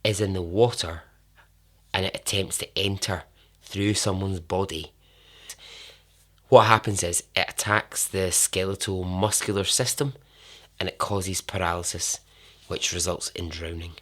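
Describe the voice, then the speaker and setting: A man hosting a podcast, telling true survival stories in a casual way, repeating words for emphasis and letting phrases trail off softly. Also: low voice, steady tone, a little slow, long pauses. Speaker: podcast host. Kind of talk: casual storytelling narration.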